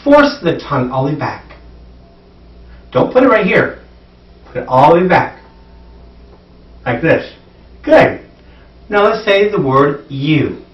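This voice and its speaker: A man teaching English pronunciation, saying words slowly for listeners to repeat and praising them. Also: a little high, very animated, far from the mic, lo-fi sound. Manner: encouraging, repeats words slowly for learners to echo. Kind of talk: pronunciation drill lesson.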